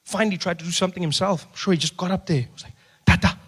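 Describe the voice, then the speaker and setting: A man's voice: sits high, rapid-fire, husky. A man with a South African accent doing a stand-up comedy set, telling stories and acting out characters in many voices. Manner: animated storytelling, acts out characters in many voices.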